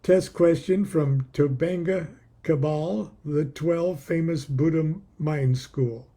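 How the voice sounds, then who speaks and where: Slow, husky wry male storyteller. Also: on the high side, mellow. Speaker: author reading his own book. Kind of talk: reading aloud with personal asides.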